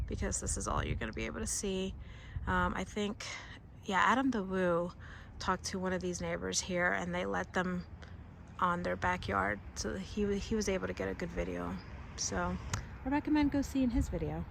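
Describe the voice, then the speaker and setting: A woman vlogging casually as she tours filming locations, chatty and excited, with lots of fillers. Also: lowish voice. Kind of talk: casual vlog narration. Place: outdoors and in a car. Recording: outdoor recording with traffic noise.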